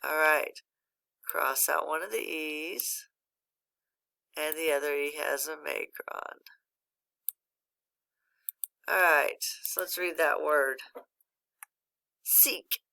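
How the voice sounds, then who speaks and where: A woman phonics teacher speaking slowly and patiently to young learners, leaving gaps for their answers. Her voice is low with a gravelly edge and a bright tone. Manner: patient, encouraging, pauses for student answers. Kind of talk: recorded phonics lesson.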